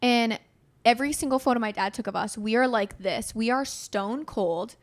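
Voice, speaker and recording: A young woman tells a childhood story in an animated, profane way. Her voice sits a bit high, and she speeds up and slows down as she gets caught up in it. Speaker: podcast host. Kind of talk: casual podcast chat.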